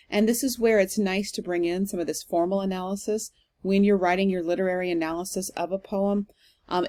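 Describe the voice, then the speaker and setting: Woman, literature instructor, recorded lecture, mid-pitched, patient and explanatory. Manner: explanatory, steady, with frequent ums.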